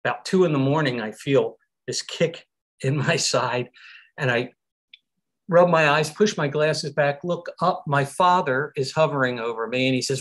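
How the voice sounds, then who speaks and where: A middle-aged man from Philadelphia, a survivor giving an earnest, reflective talk over a live stream, with soft laughs now and then. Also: mid-range voice, moderate pace. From Philadelphia, USA. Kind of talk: personal storytelling talk. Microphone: video call from home.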